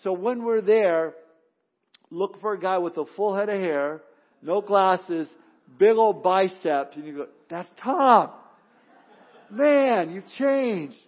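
A man's voice: high voice, measured pace, lo-fi sound. A male pastor preaching a sermon, building emphasis and often restarting his phrases.

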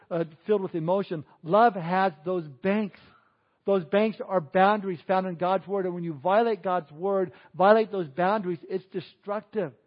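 A man preaching a sermon as a pastor, animated, acting out quoted people in exaggerated voices. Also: high voice, dull audio.

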